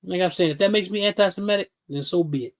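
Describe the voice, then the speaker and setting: A man's voice: sits high, fast talker. A man, ranting bluntly and profanely on a casual livestream. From New York City. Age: 50s. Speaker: livestream host.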